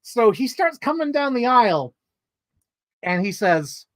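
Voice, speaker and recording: A man casually reviewing movies in a vlog, telling stories in an excitable, rambling way full of swearing and filler words. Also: very high voice, a little slow, no room sound, studio quality.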